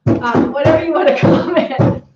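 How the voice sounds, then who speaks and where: Brief: high-pitched female music teacher, chants phrases over loud drumming, echoey muffled room. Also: moderate pace. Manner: encouraging, chants rhythmic phrases. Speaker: music teacher leading a drum lesson. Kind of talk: online drumming lesson for kids.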